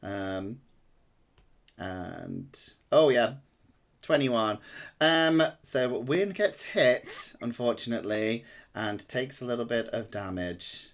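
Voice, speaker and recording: A man acting as dungeon master, narrating a tabletop game in a relaxed, rambling way with many pauses and ums. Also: medium pitch, gravelly.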